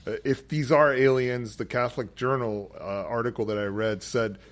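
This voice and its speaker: A man co-hosts a casual faith podcast. He speaks in a calm, measured and reflective way. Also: mid-range voice. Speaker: podcast co-host. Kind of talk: casual chat and reading a closing take.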